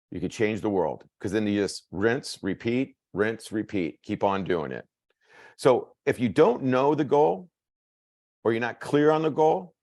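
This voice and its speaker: A man with a low voice leads a motivational coaching session with lots of energy. He hammers on the same points and leaps high in pitch whenever he acts out what people say. The recording is dry and close. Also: no room sound. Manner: energetic, repetitive, acts out quotes with big pitch jumps. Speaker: network marketing coach. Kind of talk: motivational masterclass talk.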